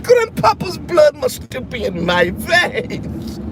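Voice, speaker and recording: A man's voice: very high-pitched, huge pitch swings, takes it slowly, noisy background, pitched above the performer's own voice, exaggerated voice. A man voicing a pompous, wealthy descendant of colonizers who speaks grandly and gloats about his brutal ancestors. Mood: gleeful.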